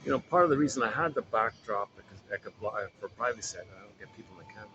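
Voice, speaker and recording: A man's voice: fairly low pitch, expressive, rapid-fire, muffled recording, noisy background. Rambling man coaching a group. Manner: rambling, repeats words and restarts phrases. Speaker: self-help group facilitator. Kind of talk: casual coaching talk.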